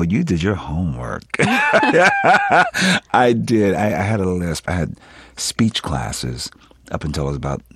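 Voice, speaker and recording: A man's voice: very deep voice, breathy edge, dry recording. A man in his fifties from Philadelphia, an actor talking expressively about his work in an interview. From Philadelphia, USA. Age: 50s. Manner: animated, expressive storytelling with laughs. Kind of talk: conversational interview.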